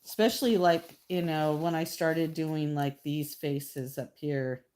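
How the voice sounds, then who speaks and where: A woman's voice: sits low, steady tone, a little slow, a little mellow, clean tone. Chatty middle-aged woman painting live. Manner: chatty, talks to her painting and viewers. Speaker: artist livestreaming. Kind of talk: casual chat while painting.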